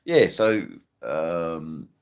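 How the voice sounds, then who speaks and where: A middle-aged Australian man with a persistent cough, hosting a casual livestream in a slow, rambling way with frequent ums. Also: low-pitched, animated. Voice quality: gravelly. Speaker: livestream host. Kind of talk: casual livestream chat reading comments.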